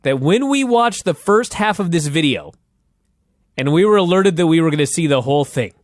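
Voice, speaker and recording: Man, podcast co-host, lively up-and-down voice, slightly high pitch, dry studio sound. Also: normal speed, no echo. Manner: animated, laughing, emphatic. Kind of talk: casual chat recapping old wrestling.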